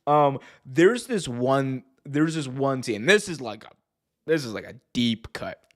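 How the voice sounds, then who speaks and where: A man hosting a wrestling podcast in casual chat, excited and laughing, stumbling over restarts and shouting out commentators' famous lines. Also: medium pitch, measured pace.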